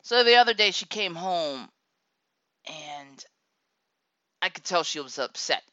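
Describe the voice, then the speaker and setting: A woman telling a comic story about her daughter, animated and exasperated, laughing often. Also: on the low side, measured pace, dry recording, dull audio.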